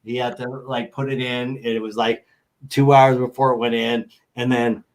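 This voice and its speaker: A middle-aged man telling a story in an interview, animated and acting out other people's voices. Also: medium pitch, moderate pace, poor audio. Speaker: guest. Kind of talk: storytelling anecdote.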